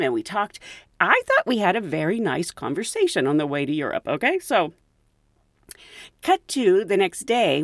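A woman hosting a podcast, telling stories from her work as a flight attendant in an animated way and often laughing. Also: lowish voice, gravelly, no echo, studio quality. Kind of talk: anecdotal storytelling.

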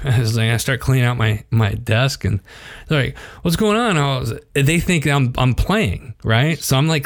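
A man in his thirties, a podcast guest, telling stories in a casual interview and acting out quotes in a raised voice. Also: mid-range voice. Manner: animated, acts out quotes in a raised voice.

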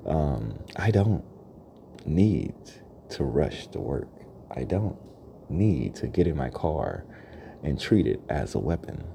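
A man's voice: extremely low pitch, creaky, mellow, a little hiss or hum. A young man hosting a podcast, freestyling a reflective, rambling monologue, laughing often and checking in with "right?". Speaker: podcast host.

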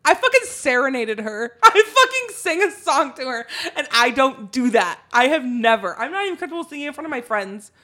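A woman's voice: high voice, sing-song, brisk, few pauses, sharp tone. A woman co-hosting a podcast, telling a story in casual chat, swearing freely, laughing often and poking fun at herself. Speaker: podcast co-host.

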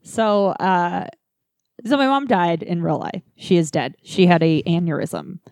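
A woman telling a dark personal story in casual chat, blunt and profane, with laughs between lines. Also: lowish voice, expressive, measured pace, vocal fry, dry recording, studio quality.

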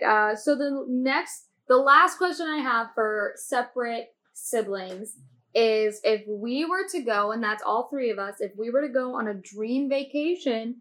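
A woman's voice: fairly high pitch, a bit bright. Chatty young woman hosting a podcast. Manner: chatty, asks questions and encourages her younger siblings. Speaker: podcast host. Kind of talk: casual chat.

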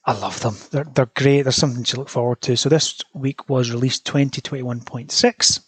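A man's voice: medium pitch, fairly even intonation, normal speed, a bit bright, breathy edge. A man hosting a casual solo smart-home news roundup in a chatty, informal way, now and then swearing. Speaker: podcast host.

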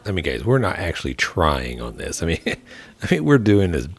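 A man co-hosting a podcast with dry, deadpan humor in casual chat. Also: low voice, fairly quick. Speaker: podcast co-host.

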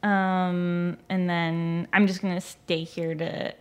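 A woman's voice: on the low side, little pitch movement, slow pace, smooth. Hesitant young woman playing a tabletop game. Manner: hesitant, stop-and-start. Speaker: player.

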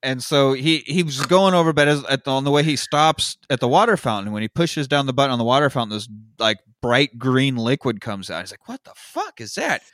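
A man's voice: medium pitch, a little fast, few pauses, a bit bright, no room sound. Man casually recapping a movie, dry sound. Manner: laid-back storytelling with profanity and frequent laughs. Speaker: podcast co-host.

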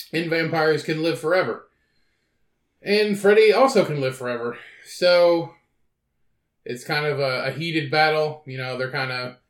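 A man's voice: medium pitch, a bit bright, echoey room. A man co-hosting a podcast, telling a story in a laid-back way with many fillers. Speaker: podcast co-host. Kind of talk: casual chat.

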